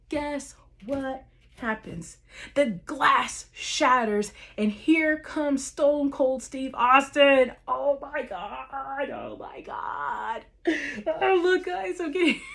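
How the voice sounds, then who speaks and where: A woman vlogger gushing over a live wrestling event in a casual, emotional recap, laughing often and calling out to her viewers. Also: on the high side. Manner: gushing, emotional, laughs often, says "you guys" and "literally" a lot. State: near tears at moments.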